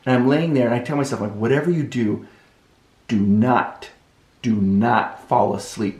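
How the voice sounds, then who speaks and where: Man, vlog storyteller, animated retelling, mid pitch, roomy echo. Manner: animated, dramatic inner-voice retelling.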